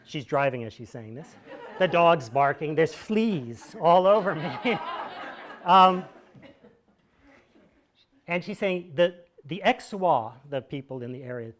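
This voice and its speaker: A man's voice: a little high, animated, a little slow. An American man in his fifties gives a conversational storytelling monologue to an audience in a small theater, with wry, digressive asides and chuckles. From United States. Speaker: solo performer speaking to an audience.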